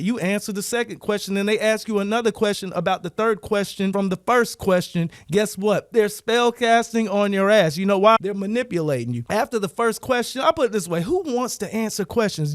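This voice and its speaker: A man's voice: high-pitched, no room sound, studio quality. A man vlogger delivering a casual, profane, rambling rant straight to his viewers. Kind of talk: casual ranting monologue.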